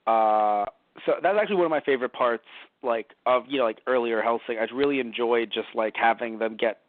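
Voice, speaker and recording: A man co-hosting a casual podcast chat, animated and profane, laughing often. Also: mid-range voice, fairly quick, no room sound. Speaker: podcast co-host. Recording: dry, phone-like lo-fi sound.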